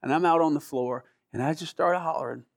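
A middle-aged man tells his personal testimony in an earnest, emotional way, tripping over restarts as he goes. His voice sits a little high for a man. The recording is dry and close, with no room sound. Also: a little fast, vocal fry, no room sound. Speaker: guest telling his story.

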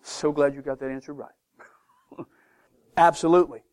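A man preaching a sermon to a congregation, shifting between loud, animated bursts and hushed, quiet passages. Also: on the high side, normal speed. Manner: animated, swings from loud to hushed, acts out doubters' voices.

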